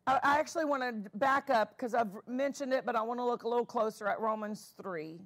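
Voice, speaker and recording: A woman's voice: a little high, brisk. A woman pastor preaching a sermon, emphatic and repeating key phrases, asking the congregation for amens.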